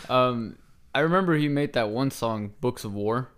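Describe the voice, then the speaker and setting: Casting: young male co-host, easygoing, profane, laughs a lot, mid-pitched voice. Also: lively intonation, a little slow. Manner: laid-back, swears a lot, laughs often. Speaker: podcast co-host. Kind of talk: casual chat.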